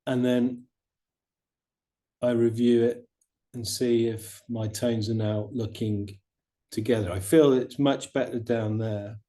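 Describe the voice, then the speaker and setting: A middle-aged man gives a watercolor painting demonstration, chatting in a relaxed way and explaining each step as he paints. His mid-range voice moves at a slow pace, with long pauses.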